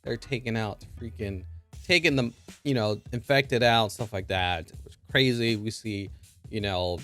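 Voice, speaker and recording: A man casually recapping a TV episode in an excitable way, full of filler words. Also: fairly low pitch, unhurried, soft background music. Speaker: show reviewer.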